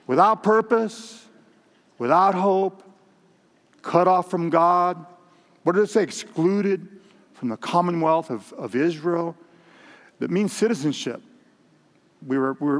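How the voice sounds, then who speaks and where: A man preaching a sermon in a conversational way, repeating words and asking the congregation questions. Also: on the high side. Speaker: pastor. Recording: long reverb in a hall.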